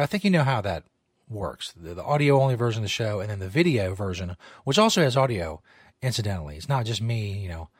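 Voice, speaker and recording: A man's voice: medium pitch, no room sound. Loose, rambling male comedy host, dry sound. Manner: loose, rambling, self-mocking. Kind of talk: casual, profane show banter. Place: small home studio.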